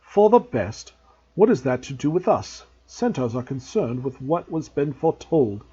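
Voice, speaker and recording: Brief: scornful growling centaur, read by a man, husky, dull lo-fi sound. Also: mid-range voice, very animated, moderate pace, dark tone. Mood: furious. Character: angry proud male centaur.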